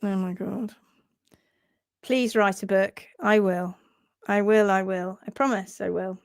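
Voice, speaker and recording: A woman with a Bristolian accent hosting a live session on hoof care, talking casually in a rambling, animated way, breaking off and restarting her sentences and swearing bluntly now and then. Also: medium pitch, a little slow, vocal fry, long pauses, no echo, studio quality. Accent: Bristolian English. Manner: blunt and salty, drops mild swearing. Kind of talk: casual live-stream chat.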